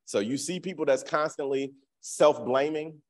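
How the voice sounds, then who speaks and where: A man giving a casual teaching talk in a colloquial, conversational way, acting out the voices he quotes. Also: moderate pace. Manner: animated, acts out quoted voices with big pitch swings.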